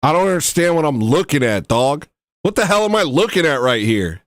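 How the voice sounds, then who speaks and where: Tired dude streaming, rambly and mocking, dry close-mic sound, jumps up into loud squeaky bits. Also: male voice, sing-song, brisk, no echo. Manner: slips into loud high-pitched bursts. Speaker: livestream host. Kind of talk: casual livestream commentary.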